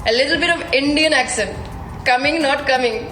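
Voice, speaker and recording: A woman's voice: high-pitched, fairly quick, slight background noise. Playful Slavic-accented woman, echoey room. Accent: Slavic, shifting between several accents. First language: not English. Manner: playful, animated and self-mocking. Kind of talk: direct-to-camera social media clip.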